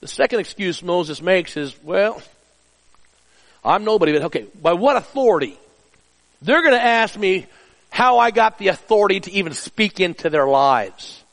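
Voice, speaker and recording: A middle-aged man preaching a sermon with earnest emphasis, dropping soft and low for personal stories. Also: lively intonation, moderate pace, in a large hall, low-quality recording. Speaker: pastor.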